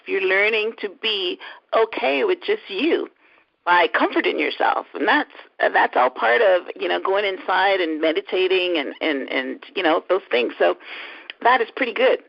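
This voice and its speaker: A podcast host talks things over in a casual, reflective way, with plenty of fillers. The voice has a gravelly fry, and the recording sounds dull and lo-fi. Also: mid-range voice. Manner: reflective, summarizing, with many fillers.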